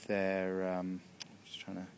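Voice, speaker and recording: British man, deep low voice, rambling and chatty, faint hiss behind. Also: monotone, unhurried. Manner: rambling, self-interrupting, chuckling. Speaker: comedian interviewee. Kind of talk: casual backstage interview. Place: backstage room.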